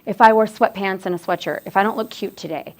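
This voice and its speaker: A woman gives a relaxed, conversational educational talk to a group of students. Her pitch sits in a middle range, and she often circles back and restarts her phrases as she explains. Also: quick pace. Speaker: presenter on dating violence.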